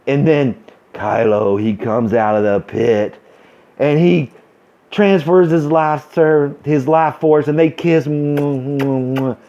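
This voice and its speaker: A man with a high yet dark, mellow voice rants to camera, dripping sarcasm and overplaying his fake delight. The sound is dull and lo-fi. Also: slow. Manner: heavy sarcasm, mock excitement, exaggerated. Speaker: vlogger. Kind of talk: sarcastic rant.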